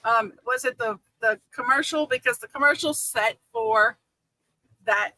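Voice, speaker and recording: Woman co-host, high bright voice, playful and defensive. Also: measured pace, no room sound, rough recording. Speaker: radio co-host and voiceover artist. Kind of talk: casual studio banter.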